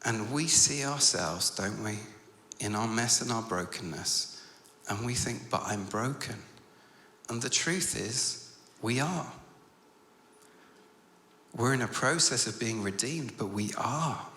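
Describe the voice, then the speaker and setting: A man preaching at a conference, earnest, growing animated as he tells stories. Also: medium pitch, slow pace, pauses often, slight background noise. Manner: earnest, turns animated and loud when telling stories. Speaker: conference speaker. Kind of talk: storytelling sermon. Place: large conference hall. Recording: echoey conference hall.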